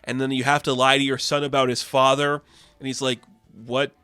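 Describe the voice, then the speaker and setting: A man casually recapping a comic issue in a rambling, excitable way, filling his talk with "like". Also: medium pitch, a little fast, smooth, dry recording, soft background music. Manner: rambling, heavy use of "like", excitable. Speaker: comic book reviewer.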